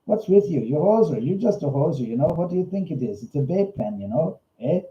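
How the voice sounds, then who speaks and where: A man doing a silly stoner Canadian ghost investigator with a put-on Canadian accent, tossing in "eh" and calling people hosers. The voice is dark and mellow, a bit higher than usual for a man. It comes through as slightly dull, roomy livestream audio. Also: sing-song, a little fast. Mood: joking. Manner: jokey, ends lines with "eh", calls people hosers.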